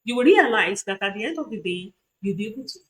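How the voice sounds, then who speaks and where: A Nigerian-accented university lecturer teaches phonetics in a quick, animated, medium-pitched voice. She says example words aloud and throws rhetorical questions at her students. The lecture recording is noisy.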